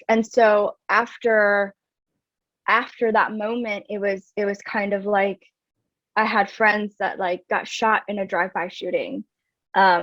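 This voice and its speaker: A woman's voice: mid-range voice, a bit bright, no echo. Earnest woman guest, dull dry recording. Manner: earnest and reflective, heavy use of "like". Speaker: guest, wellness coach. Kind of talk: candid personal storytelling in an interview.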